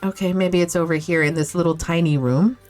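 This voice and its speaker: Low-voiced woman streaming a game. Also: steady tone, fairly quick, a little mellow, soft background music. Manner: chatty, reacts aloud, swears, laughs often. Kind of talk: casual live-stream commentary.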